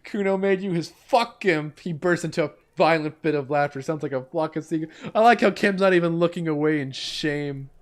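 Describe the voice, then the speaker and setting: A young man streaming a video game, commenting and reading its text aloud, swinging from deadpan asides to shrieking outbursts. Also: on the high side, a little fast, few pauses.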